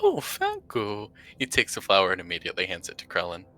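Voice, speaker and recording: A man's voice: low voice, huge pitch swings, fast, sharp tone, faint music behind. A man playing a tabletop game, speaking in character with clipped, broken phrasing. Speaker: player.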